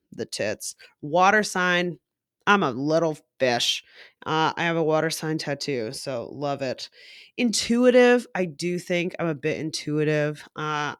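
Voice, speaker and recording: A woman's voice: low-pitched, a bit bright, no room sound, studio quality. A young woman vlogger who reads her horoscope aloud and reacts to it in casual, blunt chat, swearing freely.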